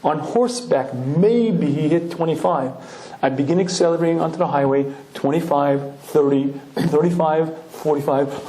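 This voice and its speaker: Animated rabbi in an echoey room. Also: male voice, on the high side, moderate pace. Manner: animated storyteller, often clears throat. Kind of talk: storytelling Torah lecture.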